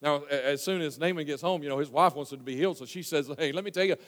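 A man preaches to his church in a folksy, storytelling way, stumbling through restarts as he goes. His voice sits high for a man and rings out with a long hall reverb. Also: fast talker. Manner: folksy, storytelling, many fillers and restarts, swings from hushed to loud. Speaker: pastor. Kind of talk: sermon. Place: church sanctuary.

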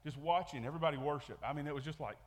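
A man's voice: on the high side, very fast, long reverb tail. A man preaching a sermon to his church in a casual, conversational way, often repeating words and restarting sentences. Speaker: pastor. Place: church sanctuary.

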